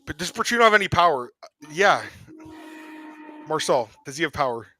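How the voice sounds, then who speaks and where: A man's voice: a little high, big pitch swings, moderate pace, pushed and bright, no echo. A man hosting a podcast, chatting casually about fight picks with lots of laughter and rambling banter. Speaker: podcast host. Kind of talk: casual sports betting chat.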